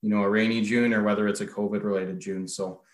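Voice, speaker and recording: A man hosting a podcast interview, relaxed and affirming as he sets up open questions for his guest. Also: lowish voice, quick pace. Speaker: podcast host. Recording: roomy, echoey sound.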